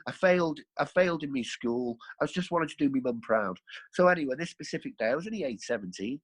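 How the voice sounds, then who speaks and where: On a podcast, a male guest recounts his life in a wandering, down-to-earth way, fixing his own words as he goes. He talks fast and animatedly in a husky, fairly high-pitched voice, captured on a low-quality recording.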